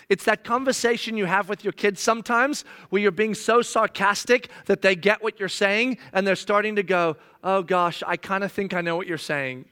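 A middle-aged man preaches with a high, bright, forceful voice. He talks in an animated way and slips into sarcastic mock voices when he reads aloud. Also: clean tone. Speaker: pastor. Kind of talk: sermon.

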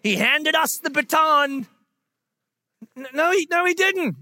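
A pastor giving a conversational, animated sermon, acting out what people say. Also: male voice, extremely high pitch, unhurried, no echo. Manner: conversational, animated, acts out quotes in voices.

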